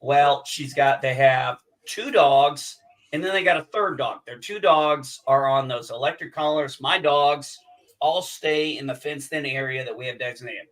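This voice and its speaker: A man's voice: mid-range voice, normal speed, fairly bright tone, distant mic, rough recording. A man in casual chat, swearing a lot while telling a story and acting out angry lines. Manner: profane storyteller, acts out heated quotes.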